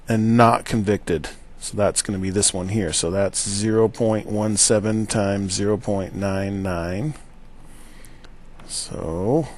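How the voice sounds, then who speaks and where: A man working through probability problems aloud as a teacher, thinking out loud with fillers and self-corrections and checking in with "right?". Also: fairly low pitch. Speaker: math teacher.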